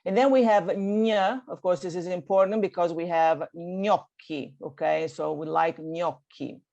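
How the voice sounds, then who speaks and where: A woman's voice: lowish voice, a little slow, creaky, dark tone, dull audio. A woman from Italy with an Italian accent, teaching a beginner Italian class over a video call and checking in with "okay?" after nearly every point. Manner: encouraging, checks in with frequent "okay?". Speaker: language teacher.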